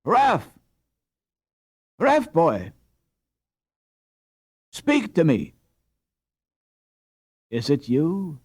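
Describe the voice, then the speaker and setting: A man's voice: a little high, wildly swooping pitch, drawn-out words, pauses often, slightly rough, pitched above the performer's own voice, exaggerated voice. A man voicing an emotional middle-aged Dutch mother crying out, beside herself with joy. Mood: overjoyed. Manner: cries out, breathless with joy.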